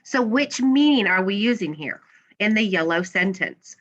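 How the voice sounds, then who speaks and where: Bright-voiced woman teacher explaining word meanings. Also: medium pitch, very animated, moderate pace, muffled recording. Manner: patient, asks questions and answers them herself. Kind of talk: classroom slideshow lesson. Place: classroom.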